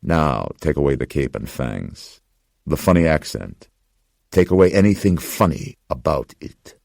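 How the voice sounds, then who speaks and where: A man voicing a somber old pawnbroker who speaks in a slow, grave, measured way. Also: rumbling low, very animated, vocal fry, darkish tone, dry recording, clean studio sound, heavily acted. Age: older.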